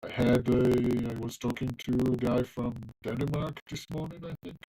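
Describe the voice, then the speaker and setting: A male coding livestreamer with a non-native English accent that leans American chats casually with viewers while he codes, talking loosely with plenty of ums and restarts. His voice is medium-pitched and mellow, with fairly even intonation at a normal speed. The recording is low quality.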